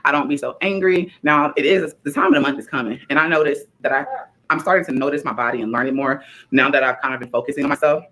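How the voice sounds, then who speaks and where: A woman's voice: low voice, fast, fairly bright tone, poor audio. A woman content creator and mom, rambling casually to her viewers in a chatty vlog.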